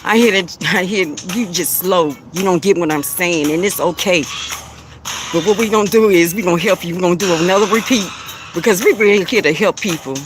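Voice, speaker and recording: Over background music, a man with a high voice talks fairly quickly as he hosts a live stream offering spiritual readings. He bluntly taunts his commenters, laughs often, and repeats himself in casual talk aimed at the chat.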